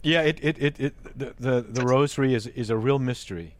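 A man's voice: mid-range voice, fairly quick. A man hosting a faith talk show, speaking earnestly and often repeating words as he searches for phrasing. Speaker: host.

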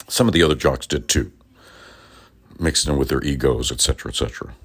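A man delivering an impassioned, profane political rant, swinging between low mutters and loud outbursts. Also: normal speed, husky.

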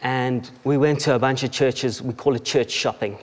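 A man's voice: mid-range voice, steady tone, normal speed. A man from South Africa with a South African accent, giving a chatty, self-deprecating testimony at church, laughing often and restarting his sentences. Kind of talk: conversational sermon testimony. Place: church hall. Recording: long church-hall reverb.

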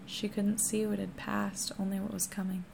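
A woman reads a first-person novel aloud in a hushed, steady voice that often sinks to a whisper. Her tone stays flat, with a strong gravelly fry, and a faint hiss of noise sits underneath. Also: mid-range voice, moderate pace. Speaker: audiobook reader.

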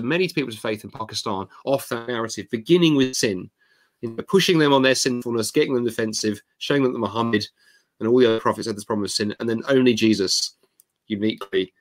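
A man's voice: medium pitch, fast talker. A man, a guest author, talking casually and animatedly, acting out quoted dialogue as he tells stories. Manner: animated storyteller who acts out quoted dialogue. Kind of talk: casual conversation.

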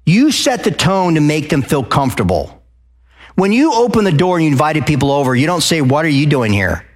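A man from Arizona speaking at a live event, lecturing an audience in a loud, passionate way and often checking in with "okay?" and questions. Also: fairly high pitch, big pitch swings, a little fast. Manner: addresses the crowd with frequent "okay?" and questions.

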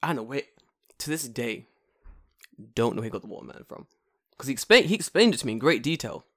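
A young man telling stories in a casual chat. He swears freely and breaks into loud outbursts. His pitch is very lively and swings all over the place. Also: fast. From England. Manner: profane, animated storytelling with sudden loud outbursts.

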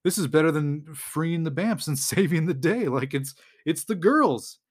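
A man voicing an excitable, girl-crazy little male imp who gushes in giddy exclamations. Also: a little high, normal speed, breathy edge.

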